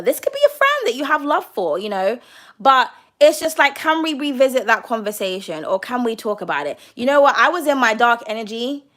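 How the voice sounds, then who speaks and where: A young woman reads tarot cards casually, chatting freely, repeatedly calling the listener "darling" and swearing without restraint. Her voice is a little high with a fairly bright tone.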